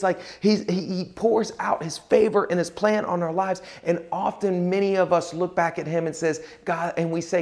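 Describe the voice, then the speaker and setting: A man preaching a sermon, his voice sitting a touch higher than most men's. He keeps it casual and conversational, slipping into lively acted-out voices when he quotes people. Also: moderate pace, few pauses. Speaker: pastor.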